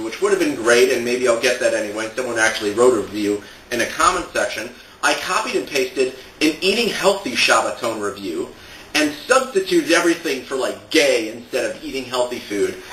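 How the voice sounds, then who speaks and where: Sarcastic guy venting at the camera, bright edgy voice, kinda far off the mic. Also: mid-range voice, expressive, a little fast, roomy sound, a little hiss or hum. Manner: exasperated, sarcastic, laughing at his own points. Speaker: satire blogger. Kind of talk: ranting monologue to camera.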